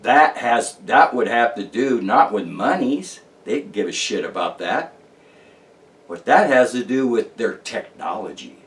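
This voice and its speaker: A man's voice: medium pitch, expressive, measured pace, far from the mic. A man talking casually about his paranormal research, rambling and emphatic, with many restarts and fillers. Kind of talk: casual monologue to camera.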